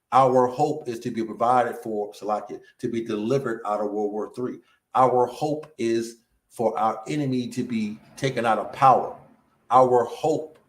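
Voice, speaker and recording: A man's voice: medium pitch, fairly even intonation, unhurried. A man preaching a sermon, reading scripture verse by verse and breaking in with emphatic remarks of his own. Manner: emphatic, interjects remarks between quoted verses.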